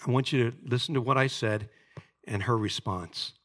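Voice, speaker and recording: A man's voice: mid-range voice, normal speed, a bit bright. A pastor giving an earnest, emotional sermon and speaking directly to his congregation.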